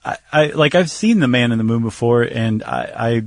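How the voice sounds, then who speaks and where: A man's voice: mid-range voice, animated, normal speed, creaky, dry recording. A man co-hosting a podcast in casual chat, wry and joking. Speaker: podcast co-host.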